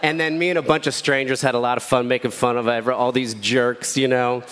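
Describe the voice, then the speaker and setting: A man's voice: steady tone, a little fast, clean tone. Rambling comedian man in a big hall. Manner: rambling, self-deprecating, with squeaky shouted quotes. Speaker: stand-up comedian. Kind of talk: stand-up storytelling. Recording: echoey hall with faint ambience.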